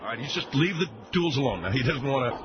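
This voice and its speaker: A man's voice: mid-range voice, animated, fast talker, lightly acted. A man playing a folksy, rambling middle-aged mechanic who hosts a call-in car show in a comedy radio sketch. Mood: blustering. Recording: muffled lo-fi, loud background noise.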